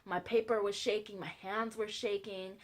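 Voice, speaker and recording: A woman, a lay preacher telling a story in a casual faith testimony vlog. She talks quickly and tells the story with animation. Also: medium pitch. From Southern United States. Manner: fast-talking, animated storyteller.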